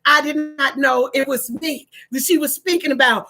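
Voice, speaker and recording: A woman's voice: high voice, fairly even intonation, moderate pace, pushed and bright, soft background music. A middle-aged woman vlogging casually about her day, emotional and tearful, often restarting her sentences. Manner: emotional, tearful and laughing, talks with many restarts. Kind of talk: casual personal vlog storytelling.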